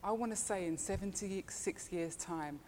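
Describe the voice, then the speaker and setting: A woman's voice: mid-range voice, normal speed, darkish tone, big-room sound, slight background noise. A woman preaching a sermon, telling chatty personal stories and laughing often. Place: church.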